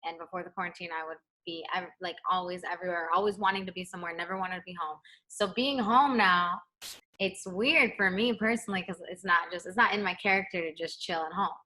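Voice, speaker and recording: A young adult woman, a pop singer, chatting in a remote interview from home, animated and laughing as she acts out the people in her stories. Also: fairly low pitch, a little fast. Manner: animated storyteller, acts out quotes, laughs often. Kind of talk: casual interview chat. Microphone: home setup, remote interview.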